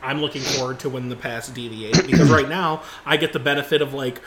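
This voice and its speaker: A man's voice: medium pitch, fairly even intonation, brisk, over a noisy crowd. A man co-hosting a podcast in casual chat, loose and joking. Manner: loose and joking, many fillers. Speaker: podcast co-host.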